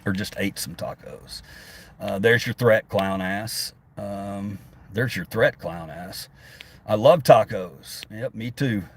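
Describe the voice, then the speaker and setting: A man's voice: on the low side, takes it slowly, a bit bright, a little hiss or hum. Profane middle-aged man ranting at chat. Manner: combative and sarcastic, swearing often. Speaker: livestreamer reading chat comments. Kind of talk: profane live-stream rant. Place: in a car while driving. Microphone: phone.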